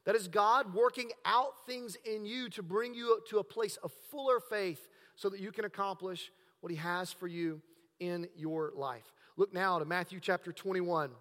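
A man preaching a sermon as pastor, swinging between hushed, drawn-out words and emphatic, raised passages. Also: high-pitched, long reverb tail.

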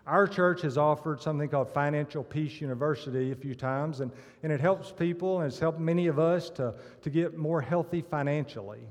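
A man giving a sermon-style church talk, telling stories with acted punchlines. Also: fairly high pitch. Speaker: church member giving testimony. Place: church sanctuary. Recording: long reverb of a church hall.

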